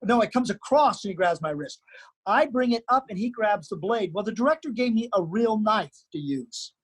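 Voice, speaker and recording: Husky high-voiced man telling stage stories. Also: normal speed, low-quality recording. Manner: animated anecdotes with stammered restarts. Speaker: podcast co-host, stage actor and teacher. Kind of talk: casual storytelling chat.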